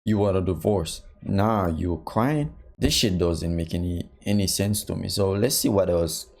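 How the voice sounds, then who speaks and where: A man with a low voice and a gravelly edge talks through a clip. He is blunt and incredulous, circling back over his points. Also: unhurried, darkish tone. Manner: blunt, incredulous, repeats himself. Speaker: reaction channel host. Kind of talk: casual reaction commentary.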